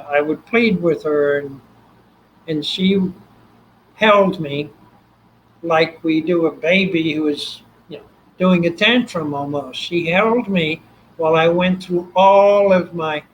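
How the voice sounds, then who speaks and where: An older man from Texas with a Texan accent, a guest telling his story in an animated way and acting out the voices. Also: fairly high pitch, slight background noise, poor audio. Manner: animated, acts out quoted voices. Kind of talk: storytelling interview.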